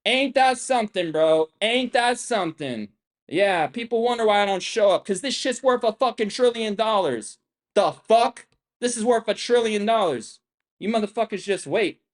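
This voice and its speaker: A man's voice: high voice, lively intonation, moderate pace. A young man hosting a trading live stream, ranting with constant swearing, boastful and combative, firing off the same rhetorical questions again and again. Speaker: trading livestream host. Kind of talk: profane live-stream rant.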